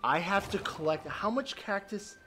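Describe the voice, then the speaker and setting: A male streamer commentating live on his gameplay, excitable and laughing, yelping at the game and talking to his chat. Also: high voice, moderate pace. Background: game music.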